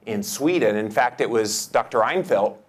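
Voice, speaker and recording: A man giving a lively, joking seminar talk, jumping up in pitch for emphasis. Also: moderate pace. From United States. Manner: enthusiastic, joking, with big pitch jumps for emphasis. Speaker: seminar speaker. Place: lecture hall.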